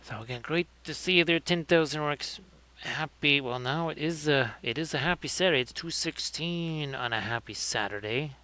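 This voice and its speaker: A man hosts a livestream while painting his miniatures, giving casual live commentary and cracking jokes as he chats. His voice is on the high side and sharp, at a normal speed.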